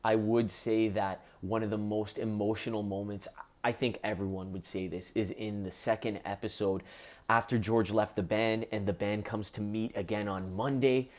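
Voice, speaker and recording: A musician talking to camera in an earnest, heartfelt way about something that moved him. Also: male voice, lowish voice, fairly even intonation, normal speed, a little mellow. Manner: earnest, heartfelt, gets choked up. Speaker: musician reviewing a documentary. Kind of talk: casual talk to camera.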